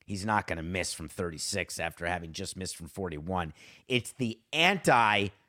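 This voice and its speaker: A man's voice: low-pitched, lively intonation, moderate pace, sharp tone. A man hosting a sports podcast, ranting with sarcasm and indignant rhetorical questions. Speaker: podcast host. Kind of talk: sports talk monologue.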